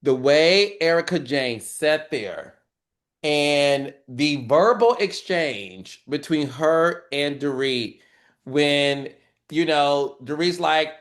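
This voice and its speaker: A man hosts a loose recap chat about reality TV. He talks fast and theatrically, acting out quoted lines in high, squealing voices. His everyday voice sits a little high. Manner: animated, dramatic retellings with squealing quoted lines. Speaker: podcast host.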